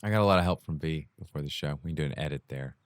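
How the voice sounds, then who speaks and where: At home indoors during a rainstorm, a young adult man with an extremely low voice rambles very fast through a casual solo monologue for his own podcast. The recording on his new home mic is dry, and he often laughs at himself.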